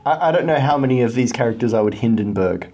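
A man's voice: mid-range voice, expressive, fast talker, a little mellow, slightly rough. A man chatting casually on a podcast, teasing and stammering through restarts.

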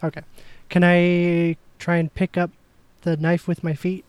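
A man playing a tabletop game, asking the game master careful questions. His voice is quite high and the sound is dry and close. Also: monotone, a little slow, darkish tone, clear, resonant tone, dry recording. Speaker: player. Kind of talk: casual tabletop play.

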